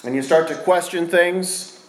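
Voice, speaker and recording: A man preaching a sermon to a congregation, asking them questions and swinging between loud and hushed delivery. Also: a little high, measured pace. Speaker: pastor. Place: church hall with a congregation. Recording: echoey church room.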